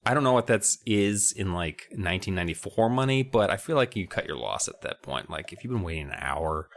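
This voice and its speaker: Male co-host, chatty and animated, wide-ranging pitch, riffs on jokes. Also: a little fast. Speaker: podcast co-host. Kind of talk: casual chat recapping a book.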